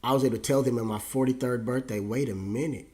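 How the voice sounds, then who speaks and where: A man in his forties, a pastor hosting his own show, telling a personal story with feeling and frequent repetitions, his voice jumping high when moved. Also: fairly even intonation, quick pace, darkish tone. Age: 40s. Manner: emotional, repeats himself, voice rises high when moved.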